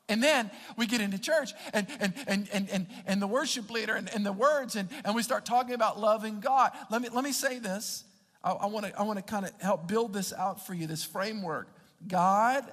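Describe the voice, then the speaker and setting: A man's voice: sits high, fairly bright tone, in a large hall. A man preaching as a pastor, emphatic, often repeating words and restarting his phrases. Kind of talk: sermon.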